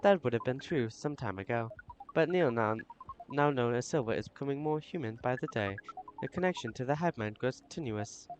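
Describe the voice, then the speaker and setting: A man's voice: medium pitch, expressive, fairly quick, slight background noise, close to an everyday voice. Man reading as a formal, literal alien. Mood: earnest. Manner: formal, precise, speaks of itself as "we". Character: calm, literal-minded alien from a hive mind. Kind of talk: reading a visual-novel game aloud.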